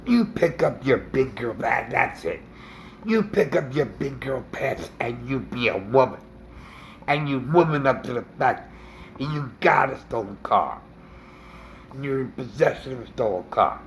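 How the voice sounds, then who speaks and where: Man vlogger, indignant rant, slow and halting, pitch swinging up and down. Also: animated, vocal fry, slight background noise. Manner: indignant, halting with fillers and restarts. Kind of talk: opinion rant to camera.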